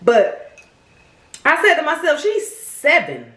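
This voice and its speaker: A woman hosting a mukbang video, telling a crime story in a sassy, animated way, speaking straight to her viewers. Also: sits high, slow pace, roomy sound. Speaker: mukbang host. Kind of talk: casual true-crime storytelling while eating.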